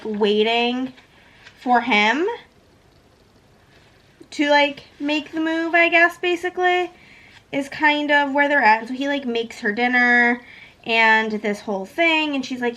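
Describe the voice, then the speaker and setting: A woman's voice: a little high, measured pace, a bit bright. A woman chatting casually as a book vlogger, gushing about a story and peppering her talk with "like". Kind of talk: casual book review chat.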